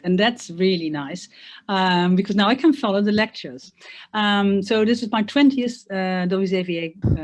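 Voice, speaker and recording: A woman veterinarian speaking hesitantly with many pauses in a casual panel chat over a video call. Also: lowish voice, lo-fi sound. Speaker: small animal veterinarian.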